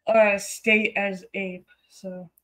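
A woman's voice: mid-range voice, level tone, drawn-out words, a bit bright, poor audio. A woman with a Boston accent hosting a casual live cooking stream, swearing and laughing through banter. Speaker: stream host.

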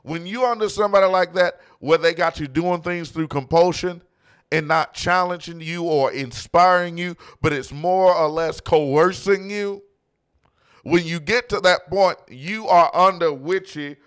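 Impassioned preaching man, smooth voice. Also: fairly high pitch, unhurried, a bit bright. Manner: impassioned, mocking, frequent quoting. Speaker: pastor. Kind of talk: preaching sermon.

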